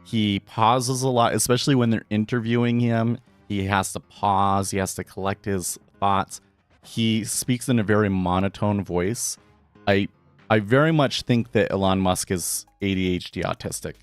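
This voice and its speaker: A man with a low voice chatting on his live trading stream, wandering from one thought to the next and often restarting mid-sentence. The sound is dry and close, with faint music playing behind him. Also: fairly even intonation, moderate pace, clean tone, no echo. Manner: rambling, restarts, thinks aloud. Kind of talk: casual live-stream commentary.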